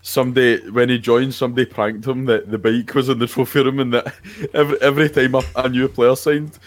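A man's voice: mid-range voice, fairly even intonation, fairly quick. A Scottish man on a podcast panel, talking in a rambling way with lots of restarts. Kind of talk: casual chat.

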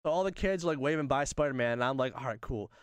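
A young man telling a funny story in casual chat, animated and laughing often, acting out the voices of the people in it. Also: mid-range voice, fast talker, clear, resonant tone, no echo.

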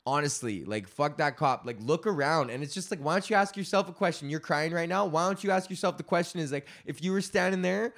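A man's voice: fairly high pitch, fairly quick, hardly any pauses, a bit bright. A man hosting a solo podcast, ranting heatedly and swearing constantly. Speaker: podcast host.

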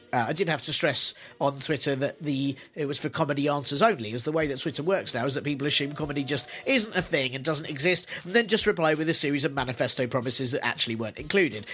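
A man hosts a podcast, reading out listener replies and dropping sarcastic, deadpan asides. His voice sits somewhat high for a man. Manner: dry, sarcastic, jokey asides. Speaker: podcast host.

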